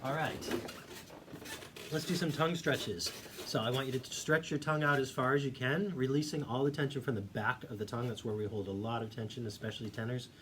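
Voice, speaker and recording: A male voice teacher leads a home singing warmup in a calm, encouraging way. His tone is bright and clear, and he is set against a faint background hiss. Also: mid-range voice, a little fast. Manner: demonstrates hums and vocal sounds.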